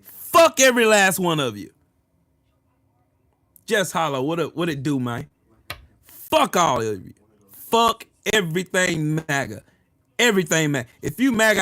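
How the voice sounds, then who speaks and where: A man's voice: high voice, fairly bright tone, no room sound, clean studio sound. A man hosting a livestream, delivering a heated, profane political rant and answering chat comments. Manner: profane, heated, repetitive ranting. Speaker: livestream host.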